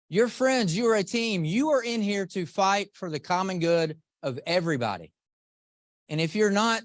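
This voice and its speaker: A middle-aged man giving an earnest, animated motivational talk to a live group, often asking the audience questions. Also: fairly high pitch, no echo, clean studio sound. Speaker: motivational speaker.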